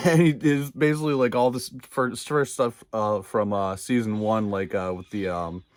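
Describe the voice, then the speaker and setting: Man, low voice, casual profane recap, rambling with fillers, dry close sound. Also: moderate pace, dry recording. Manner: rambling, profane, filler-heavy, laughs often. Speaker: video reviewer.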